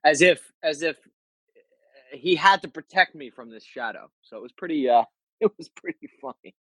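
A male comedian guest in casual chat, an animated storyteller who laughs often. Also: fairly high pitch, moderate pace, no room sound, rough recording.

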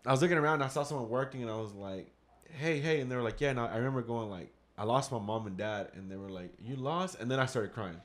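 A man telling a casual story to his partner, rambling and full of "I was like." He acts out his past thoughts in his own plain voice, with a pitch that sits in the middle for a man. He swears now and then. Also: quick pace, a bit bright. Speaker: father.

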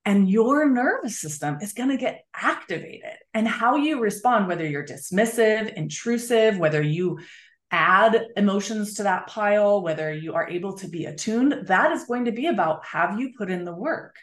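A woman's voice: mid-range voice, expressive, normal speed. A woman guest author talking in a conversational interview, explaining earnestly with frequent fillers. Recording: roomy echo.

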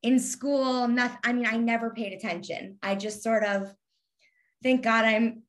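A woman's voice: on the high side, little pitch movement, a little slow. A woman in her thirties from Kentucky with a light Southern twang, talking casually as an interview guest in a sarcastic, witty way with lots of ums. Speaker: guest, Instagram influencer.

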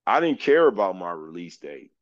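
In this casual storytelling interview, a male podcast guest who works as a journeyman lineman recounts his life frankly and easily, dropping "man" often. He speaks at normal speed in a low voice with big pitch swings, and the audio is dull with no echo.

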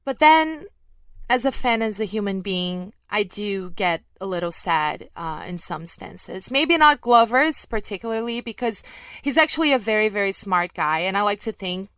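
A woman's voice: medium pitch, expressive, moderate pace, fairly bright tone, clean tone, no echo. A young adult woman, an MMA journalist, answering listener questions in a candid, self-deprecating, chatty way. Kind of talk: casual chat, reading out questions.

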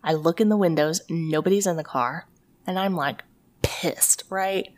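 A woman from Tennessee who hosts a ghost story podcast, telling a story in casual chat, animated and sweary with lots of "like". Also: lowish voice, unhurried.

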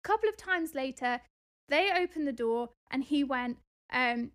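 A woman hosting a podcast, retelling a dispute in a casual, animated, indignant way with exasperated outbursts. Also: high-pitched, moderate pace. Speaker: podcast host and property investor.

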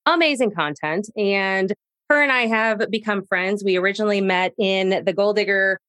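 An American woman hosting a podcast interview, bubbly and gushing, with quick chatty asides. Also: mid-range voice, a bit bright. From United States. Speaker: podcast host. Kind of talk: casual interview chat.

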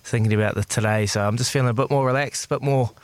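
Easygoing Kiwi male co-host, mid pitch, close dry studio read. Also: fairly even intonation, rapid-fire, no echo. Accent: New Zealand. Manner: laid-back, calls everyone mate. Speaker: breakfast radio co-host. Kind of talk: casual radio banter. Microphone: studio mic, dry.

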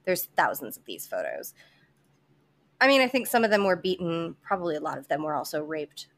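A woman's voice: deep voice, big pitch swings, a little fast. A woman hosting a podcast, telling a history story in casual chat, with many fillers, restarts and some swearing. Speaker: podcast host presenting history.

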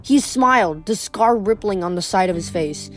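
A woman reading a novel aloud in steady narration, with occasional small slips. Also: medium pitch, normal speed, soft background music. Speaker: reader.

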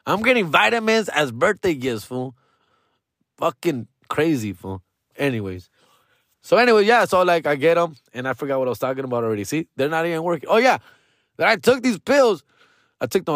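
A man's voice: a little high, a bit bright, no echo. Laid-back slangy man talking in a dry room. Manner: slangy, profane, peppers talk with "dog" and "fool"; switches into Spanish mid-sentence. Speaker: vlogger. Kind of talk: casual personal monologue. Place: his room at home.

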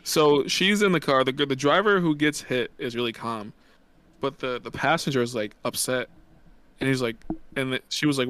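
Slightly fast and fairly bright, this young man's medium-pitched voice drifts through relaxed podcast chat as a co-host, rambling with plenty of filler words.

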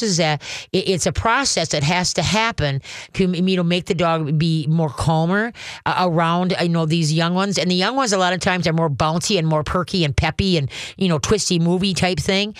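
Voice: medium pitch, no room sound. Folksy, rambling dog trainer, dry sound. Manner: folksy, rambling, with frequent "you know" and "okay?" checks. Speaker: dog trainer answering a caller. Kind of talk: call-in advice talk.

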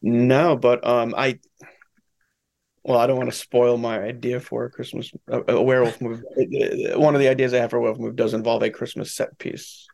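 A man's voice: mid-range voice, flat delivery, brisk, vocal fry, darkish tone. A man talking as a film director in a casual interview, rambling and profane with lots of fillers.

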